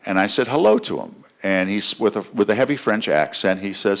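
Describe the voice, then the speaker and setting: Low-voiced man giving a campaign speech. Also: big pitch swings, fairly quick, gravelly. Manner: conversational, anecdotal, with frequent fillers. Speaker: political candidate. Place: fundraiser gathering.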